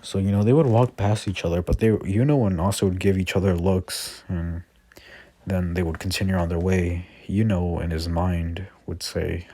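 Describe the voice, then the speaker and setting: A man with a very low, monotone voice improvises a fan story. He rambles and restarts, leaning on filler words. The sound is dry and close. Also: normal speed, no echo.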